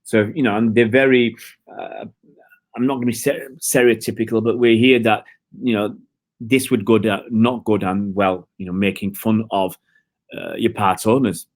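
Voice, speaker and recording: Chatty lower-voiced man, rambling. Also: steady tone, moderate pace. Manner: chatty, rambling, hesitant with many fillers. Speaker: live stream host. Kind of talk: casual live-stream commentary.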